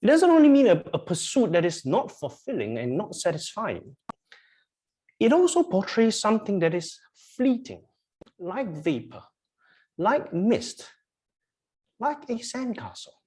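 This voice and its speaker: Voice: mid-range voice, sing-song, unhurried, long pauses, mellow, breathy edge. A preacher giving a sermon to a congregation, emphatic and repetitive, often asking the listeners questions. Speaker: pastor. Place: church.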